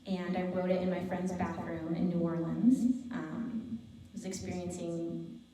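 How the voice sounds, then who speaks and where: A woman singer talking softly and unhurriedly between songs, laughing between phrases, heard from away from the mic. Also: on the low side, fairly even intonation, a little slow, distant mic, a crowd in the background. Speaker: singer introducing her songs. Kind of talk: casual spoken intro between songs. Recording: very echoey room, from afar, with music behind.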